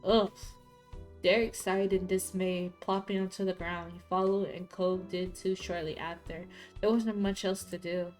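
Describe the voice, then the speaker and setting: A woman's voice: lowish voice, unhurried, faint music behind. Rowdy woman streamer reading a game. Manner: loud, profane, excitable outbursts between plain reading. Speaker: gaming streamer. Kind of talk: reading a story game aloud with reactions.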